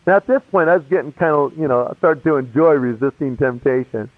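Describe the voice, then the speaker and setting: With a fairly high pitch and a fast delivery, this man tells the story of his conversion as a testimony. He's casual and animated, performing every character's voice, and the dry recording sounds tinny and phone-like.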